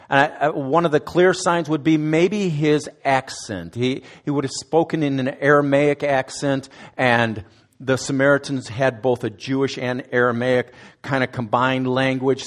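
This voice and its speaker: A man giving a conversational sermon as a student ministries director, asking his listeners direct questions and now and then restarting words. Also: mid-range voice. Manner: conversational preaching, asks the audience direct questions, some restarts.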